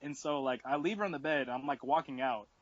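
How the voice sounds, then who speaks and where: A man's voice: medium pitch, a little fast, no room sound, lo-fi sound. A young man hosting a podcast, telling a story casually and animatedly, with lots of "like" fillers and acted-out asides. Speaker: podcast host.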